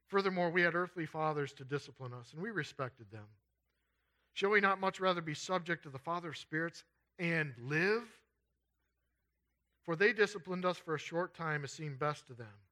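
A man preaches a sermon a little fast, reading scripture aloud and then applying it. He swings between loud, urgent emphasis and quiet, low asides.

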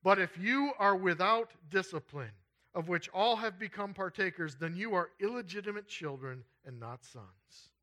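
A man preaching a sermon, reading scripture aloud and then applying it, swinging between loud urgent emphasis and quiet low asides. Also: lively intonation, moderate pace.

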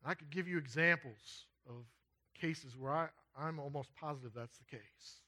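A man preaching a sermon, reading scripture aloud and then applying it, swinging between loud urgent emphasis and quiet low asides. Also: moderate pace.

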